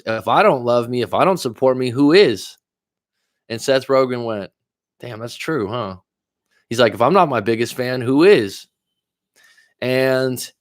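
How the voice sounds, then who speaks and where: Relaxed male coach talking on a livestream. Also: mid-range voice, no echo, studio quality. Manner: casual, reflective, loosely paced with asides. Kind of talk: livestream monologue.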